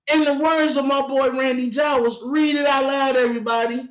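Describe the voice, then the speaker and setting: His voice is extremely high-pitched yet flat in delivery, at a moderate pace with few pauses. As a sports podcast co-host in casual chat, he talks emphatically, laughs, and trash-talks playfully. The sound is echoey, dull, and lo-fi, like a room recording.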